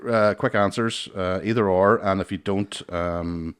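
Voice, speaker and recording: A man's voice: low voice, fairly even intonation, a little slow, clear, resonant tone. A man hosting a casual podcast chat, a comedian telling stories animatedly and swearing often. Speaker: podcast host and stand-up comedian.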